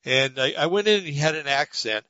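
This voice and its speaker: A man's voice: a little high, animated, fairly quick, sharp tone, no echo. Talk-show co-host, male, tense edgy voice, chatty storyteller, dry close mic. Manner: rambling storyteller, many fillers and restarts. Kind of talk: casual political talk. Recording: dull lo-fi audio.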